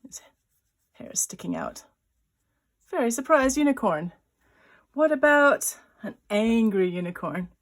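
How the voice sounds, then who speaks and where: This writer-illustrator runs a drawing workshop in a fairly high voice with big swings in pitch. She chats playfully and thinks aloud while drawing, making little sound effects and pausing and restarting as she goes.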